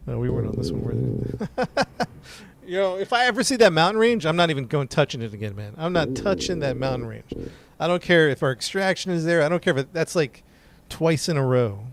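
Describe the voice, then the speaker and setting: A male streamer narrates his game live, venting to his chat when things go wrong. His voice sits a bit high for a man. Steady noise from the game runs under his talk. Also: a little fast, vocal fry. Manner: frustrated, talks to chat while playing. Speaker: gaming streamer.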